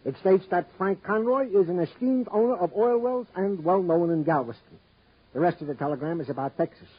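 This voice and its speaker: An actor playing a folksy, good-humored police sergeant with a wordy way of talking, in 1950s radio drama acting. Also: male voice, high voice, brisk, breathy edge. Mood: cheerful. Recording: dull old radio recording.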